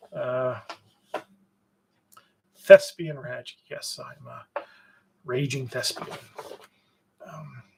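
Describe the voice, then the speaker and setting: Male livestream host, gravelly and slightly high, sardonic rambler with lots of fillers. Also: a bit bright, a little hiss or hum. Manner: sardonic, swears, trails off with fillers. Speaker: publisher hosting a livestream. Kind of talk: rambling livestream chat answering viewers.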